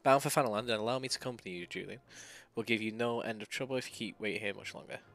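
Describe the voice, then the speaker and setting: A man voicing a stately, dry-witted older gentleman in a formal, measured way. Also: lowish voice.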